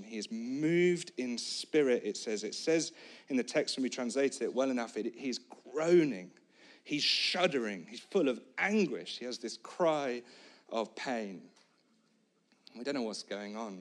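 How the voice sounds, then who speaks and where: Man preaching a dramatic sermon. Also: fairly low pitch. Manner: dramatic storytelling, swings from hushed to shouting.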